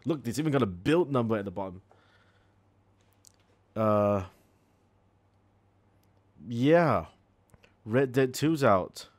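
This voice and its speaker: A man's voice: mid-range voice, lively intonation, slow, pauses often, no room sound. A man hosting a video game playthrough, chatting sarcastically and reacting aloud as he plays. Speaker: gaming channel host. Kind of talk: let's play commentary.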